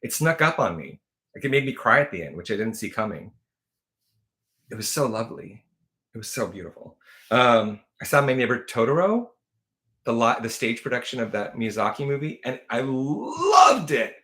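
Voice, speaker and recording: Chatty bright-voiced man on a livestream. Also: medium pitch, sing-song, normal speed. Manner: chatty rambling storyteller, frequent fillers and self-corrections. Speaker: livestream host. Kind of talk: casual livestream chat.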